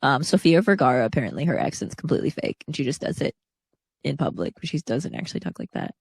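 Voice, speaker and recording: A woman's voice: rumbling low, very animated, fast, creaky, a little mellow, slightly rough, dry recording, studio quality. A woman co-hosting a podcast in casual chat, rambling and hedging with many fillers. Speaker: podcast co-host.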